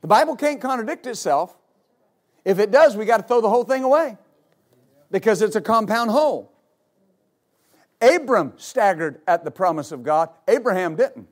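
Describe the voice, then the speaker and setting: A male pastor preaching a sermon, rising into repeated, shouted exhortations to his congregation. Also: high-pitched, expressive, normal speed, pauses often. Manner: builds to shouted, repetitive exhortation.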